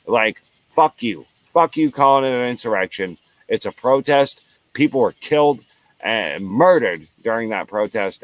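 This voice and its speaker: A man's voice: mid-range voice, dry recording. A man hosting his own show, delivering an angry, profane solo rant full of repeated lines. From United States. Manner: profane, heated, repetitive. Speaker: show host.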